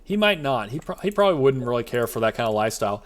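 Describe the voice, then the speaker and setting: Animated, rambling male game streamer. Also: mid-range voice, very fast. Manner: rambling, jokey, self-talking asides. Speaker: VTuber streamer. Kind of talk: live-streamed gameplay commentary.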